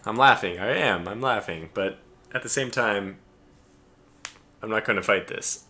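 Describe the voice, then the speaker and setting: A man's voice: fairly low pitch, big pitch swings, extremely slow, long pauses, pushed and bright, a little hiss or hum. An American man casually commentating his own live strategy game stream, chatty and chuckling as he barks orders at his ships. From United States.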